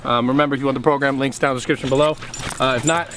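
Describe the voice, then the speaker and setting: A man's voice: medium pitch, steady tone, racing, fairly bright tone. A young man chatting loosely in a fitness vlog, joking and swearing a lot. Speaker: fitness vlogger. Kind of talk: casual vlog chat. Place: at home with a dog. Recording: noisy home recording.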